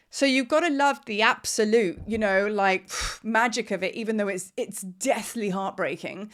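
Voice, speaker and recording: A woman spiritual teacher talking casually to her camera at home, rambling and heartfelt, holding back tears. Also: fairly high pitch. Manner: rambling, heartfelt, trying not to cry. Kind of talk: casual vlog talk to camera. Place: at home in Cape Town.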